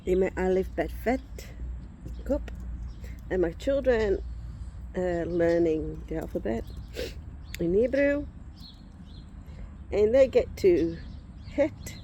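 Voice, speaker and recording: A woman in her forties chats outdoors in an unhurried, rambling way, stopping now and then to wave off insects. Her voice is warm and soft-edged, and birds and faint outdoor ambience sit behind her. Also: lowish voice, animated, dull audio, slight background noise. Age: 40s. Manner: rambling, chatty, breaks off to shoo insects. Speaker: vlogger showing reborn dolls. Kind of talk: casual chat. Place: outdoors in the sun.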